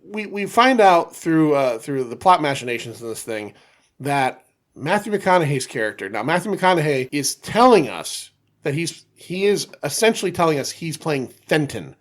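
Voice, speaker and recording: A man's voice: on the high side, big pitch swings, normal speed. Profane joking man on a podcast. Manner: profane, joking, laughs often. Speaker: podcast co-host. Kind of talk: casual film discussion.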